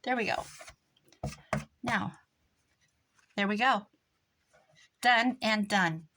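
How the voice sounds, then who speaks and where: A woman's voice: mid-range voice, extremely slow, noisy background. An older woman hosting a crafting tutorial, chatty and rambling, mocking herself and laughing often. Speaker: crafting video host.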